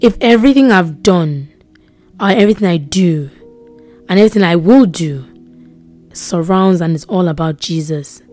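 This young woman's devotional podcast has soft music underneath and a fairly low, animated voice at normal speed with long pauses. Earnest and repetitive, she sometimes lowers to a whisper for emphasis.

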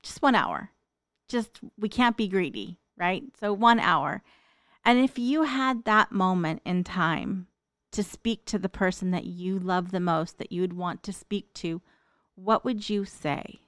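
A woman's voice: lowish voice, unhurried, a bit bright, no echo, clean studio sound. A middle-aged woman speaking a tender, reflective monologue, addressing her late mother directly as an open letter. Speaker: daughter writing an open letter. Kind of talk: heartfelt spoken monologue.

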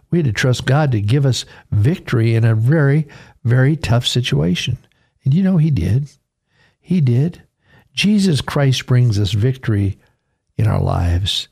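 A man's voice: mid-range voice, vocal fry, darkish tone, breathy edge. A man, a pastor and radio host, preaching earnestly and reading scripture aloud in a radio sermon.

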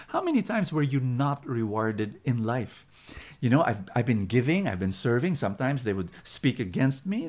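A Filipino-accented male preacher whose voice swings widely and keeps the pitch a touch high. He tells stories with emphatic repetition and an easy laugh. The tone is animated and earnest. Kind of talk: sermon with storytelling.

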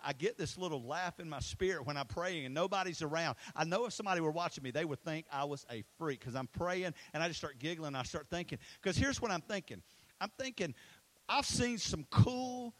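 A man preaching an energetic sermon, telling stories and chatting with the crowd, swinging from loud and animated to hushed and intimate. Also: a little high, fast, low-quality recording. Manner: storytelling, conversational asides to the crowd. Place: school facility used for a church launch.

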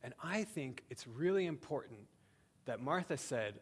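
A man's voice: mid-range voice, expressive, slightly rough. Earnest man preaching a sermon. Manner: earnest, with slow emphatic pauses and frequent "um". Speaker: pastor.

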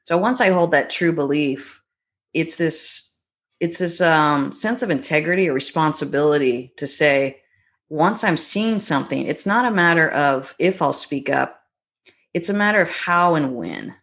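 A middle-aged woman, a guest on a talk show, telling stories about her marriage in a reflective, gentle way. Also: low voice, lively intonation. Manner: warm, reflective storytelling with gentle pauses. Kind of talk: conversational podcast interview.

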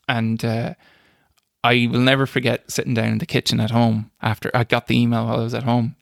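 A man's voice: mid-range voice, level tone, brisk, vocal fry, no echo, clean studio sound. A young man, a screenwriter and podcast guest, telling self-deprecating stories in a casual chat and laughing as he goes. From Ireland. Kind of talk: casual storytelling interview.

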